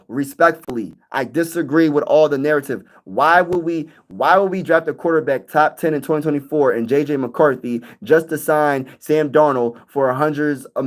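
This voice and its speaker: Young male sports streamer, casual, animated, talks right to his chat. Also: fairly high pitch. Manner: animated, chatty, reads out and answers viewer comments. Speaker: sports channel host. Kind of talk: casual livestream sports talk.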